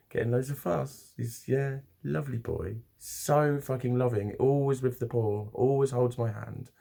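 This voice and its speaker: A man's voice: mid-range voice, vocal fry, darkish tone. Rambling, swearing man. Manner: rambling, swearing, many restarts and fillers. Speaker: vlogger. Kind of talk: casual rambling vlog to camera.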